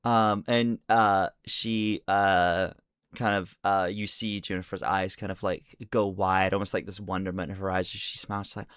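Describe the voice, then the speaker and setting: Low-voiced man running a tabletop game. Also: little pitch movement, normal speed, a bit bright, clear, resonant tone, no echo, clean studio sound. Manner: loose, filler-heavy narration. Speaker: game master.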